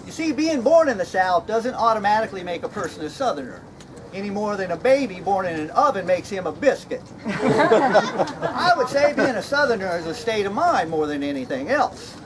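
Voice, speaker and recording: Actor as a chuckling folksy hatter, slightly mad, lively delivery, outdoor crowd behind. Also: male voice, sits high, normal speed. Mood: jokey. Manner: folksy, chuckles at his own jokes. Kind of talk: outdoor live stage comedy skit. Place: outdoor reenactment event.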